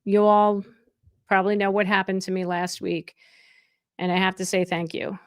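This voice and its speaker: A woman's voice: mid-range voice, level tone, moderate pace, clean tone, dry recording, clean studio sound. Effusive middle-aged woman hosting a live stream. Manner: effusive and chatty, with frequent restarts. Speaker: real estate YouTuber and live stream host. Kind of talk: casual live stream chat.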